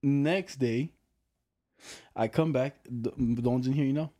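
A man's voice: mid-range voice, unhurried, dark tone. A man in his twenties chatting casually from his bedroom at home, telling rambling stories full of profanity and slang. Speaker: podcast co-host. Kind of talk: casual chat.

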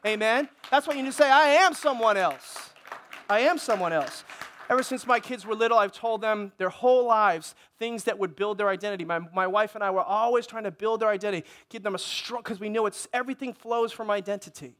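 Very high-voiced man preaching a sermon. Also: quick pace, a bit bright. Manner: impassioned, calls for amens from the congregation. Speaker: pastor.

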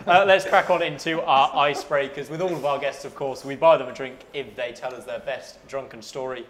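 A man hosting a sports podcast, briskly moving the show along. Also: mid-range voice, steady tone, fairly bright tone, a little hiss or hum. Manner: brisk, running the segments. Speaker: host.

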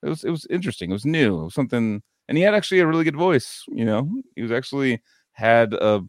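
A man's voice: medium pitch, animated, fast, no room sound, clean studio sound. A man hosting a podcast in a casual chat, rambling and laughing through stories, swearing freely. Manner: rambling, laughing storyteller, heavy cursing. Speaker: podcast host.

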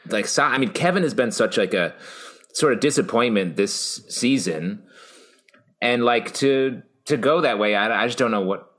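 A man's voice: mid-range voice, lively intonation, moderate pace, a bit bright. A man co-hosting a podcast, chatting casually about a TV episode in a rambling, self-correcting way. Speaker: podcast co-host. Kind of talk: casual TV recap chat.

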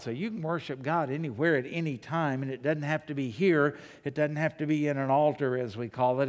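A male pastor preaching a sermon in a slow, deliberate, conversational way, telling personal stories in a church. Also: a little high. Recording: long hall reverb.

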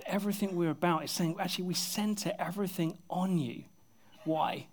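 A male pastor preaching an earnest sermon to his congregation, often dropping to soft, intimate tones, with a touch of self-deprecating humor. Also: high-pitched, fairly even intonation, fairly quick. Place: church service with a congregation.

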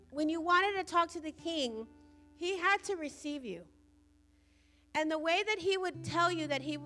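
A woman's voice: sits high, sharp tone. A woman preaching a sermon as a senior church leader, earnestly explaining scripture.

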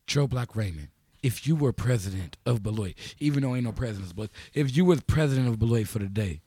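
A man from Chicago hosting a community radio call-in show, joking loudly and slangy with friends in the studio. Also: medium pitch, lively intonation, a little fast, husky, no room sound. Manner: rowdy, joking, slangy, talks over friends. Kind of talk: loose call-in radio banter.

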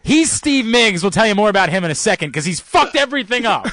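A man's voice: high voice, sing-song, quick pace, a bit bright. A man hosting a sports podcast in a radio studio, telling self-mocking stories with a joking tone. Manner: joking, self-mocking storytelling with frequent laughs. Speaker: podcast host. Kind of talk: casual podcast banter.

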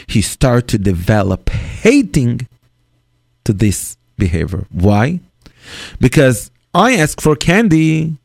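Gravelly rabbi teaching in slow earnest English. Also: male voice, medium pitch, darkish tone, dry recording, studio quality. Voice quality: non-native English grammar. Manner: earnest, acts out parent and child in dialogue. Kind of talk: Torah lecture on parenting.

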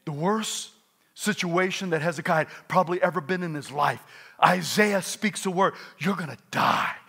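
A male pastor delivering a sermon in a high, bright voice. He moves from hushed asides to loud, fervent outbursts and keeps the congregation engaged. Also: normal speed, gravelly, slightly rough. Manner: animated, swings from quiet asides to loud exclamations.

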